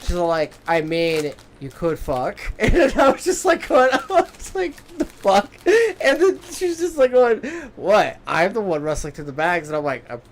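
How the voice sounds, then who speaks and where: Male co-host, laughing, profane storyteller, a bit high, faint background noise. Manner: giggly, animated, swears freely. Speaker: podcast co-host. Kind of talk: casual storytelling.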